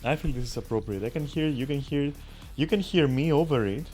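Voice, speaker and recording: A man talks through his game session in a loose, teasing way, swearing and joking with viewers he cannot hear. His pitch sits in an ordinary middle range. Soft game music plays faintly behind him. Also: brisk. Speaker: streamer. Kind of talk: casual gaming commentary.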